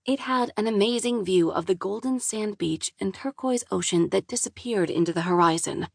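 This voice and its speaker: A woman's voice: medium pitch, normal speed, creaky, no room sound, clean studio sound. A woman narrating a first-person novel in a wry, exasperated voice, with casual swearing. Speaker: audiobook narrator.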